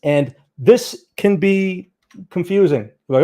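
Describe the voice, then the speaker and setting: A man with a somewhat high voice walks viewers through market charts on a live stream. He talks in a loose, conversational way and keeps checking in with his audience. He stresses the points he wants them to see on the charts. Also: animated, normal speed, a little mellow. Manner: emphatic, urging viewers to look at charts.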